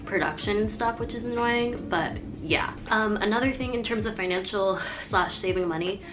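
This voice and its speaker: A woman's voice: medium pitch, moderate pace, over music. A young adult woman, a college student, talking through a casual advice vlog in a chatty, rambling way, often saying "like". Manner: chatty and rambling, heavy use of "like".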